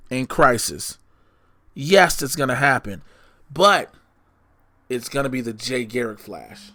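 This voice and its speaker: A man with a mid-range, slightly bright voice hosts a solo podcast, chatting in a casual, scattered way. He often corrects himself and teases listeners with spoilers.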